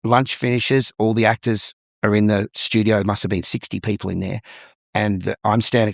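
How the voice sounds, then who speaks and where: A middle-aged man with an Australian accent, talking as an interview guest in a lowish voice with a gravelly edge. He tells stories from his career with energy and slips into the voices of the people he quotes. The sound is dry and close. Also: no echo. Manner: lively storyteller who acts out the people he quotes. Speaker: guest, musical theatre performer. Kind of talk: interview storytelling.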